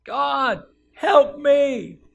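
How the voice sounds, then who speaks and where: A man voicing a panicked man dangling from a cliff, shouting and pleading. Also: very high voice, expressive, extremely slow, gravelly, muffled recording, pitched above the performer's own voice, heavily acted. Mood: desperate.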